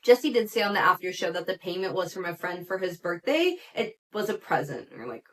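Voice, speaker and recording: A woman's voice: medium pitch, a little fast. Chatty woman podcast host recapping TV. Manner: chatty, animated, frequent "like" fillers and laughs. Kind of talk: casual reality TV recap.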